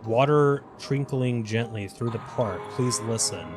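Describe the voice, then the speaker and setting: A man voicing a corrupted, broken-minded creature in a video game that speaks in halting, disjointed fragments. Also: mid-range voice, music in the background, lightly acted. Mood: mournful cryptic.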